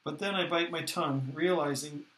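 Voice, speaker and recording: A man reading a novel aloud in the first person, steady and plain, with small restarts. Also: fairly high pitch, moderate pace. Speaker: audiobook reader. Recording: echoey room.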